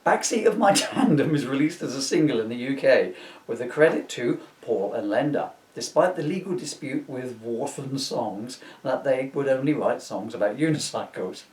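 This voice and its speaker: A man, the author, reading his comic book aloud with deadpan jokes and asides, often chuckling at his own lines. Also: mid-range voice, moderate pace, distant mic. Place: room, filmed on camera. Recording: roomy sound from away from the mic.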